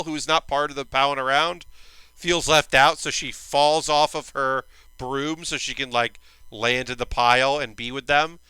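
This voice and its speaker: A man's voice: fairly high pitch, bright, forceful tone, smooth, no room sound, low-quality recording. A man hosting his own stream, chatting casually and enthusiastically through an anime recap, a little tired and yawning, with rambling fillers. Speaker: streamer and host.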